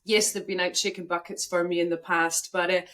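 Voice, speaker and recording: A woman's voice: fairly low pitch, flat delivery, a little fast, fairly bright tone. Woman, Scottish accent, podcast host, enthusiastic, video call. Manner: enthusiastic, effusive. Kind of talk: casual interview.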